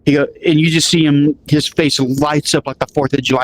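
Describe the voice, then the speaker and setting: A man's voice: on the high side, level tone, brisk, a little hiss or hum, low-quality recording. A man telling a story casually, acting out what each person said with lots of "he goes" and "I'm like". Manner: acts out quoted dialogue, lots of "I'm like" and "he goes".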